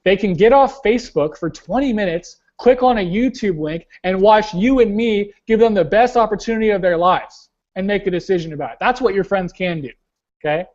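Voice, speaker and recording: Blunt high-voiced young man coaching. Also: fairly quick, darkish tone, muffled recording. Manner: blunt, casual, slangy, keeps saying "guys". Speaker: team leader hosting a weekly call. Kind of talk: motivational coaching talk. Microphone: webinar call.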